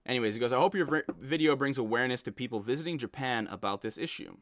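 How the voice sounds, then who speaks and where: A man reads viewer stories aloud and reacts to them, his pitch sitting in an ordinary middle range. He speaks in an animated, exasperated way that turns into ranting. The recording is dry and close. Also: fast talker, dry recording. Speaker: content creator reading viewer messages. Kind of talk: reaction commentary.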